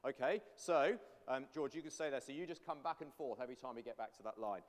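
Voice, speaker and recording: A man's voice: medium pitch, fast. A man leading a church congregation through a psalm, coaxing them to repeat lines after him. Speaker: pastor. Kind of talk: interactive sermon teaching a psalm. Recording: long church reverb.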